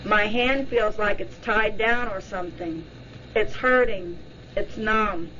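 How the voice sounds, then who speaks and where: A woman's voice: medium pitch, pushed and bright, dull audio, slight background noise. A woman reading as a dazed, frightened woman under hypnosis. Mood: dazed fear. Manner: halting, fearful, dazed. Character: frightened woman recalling a blinding light.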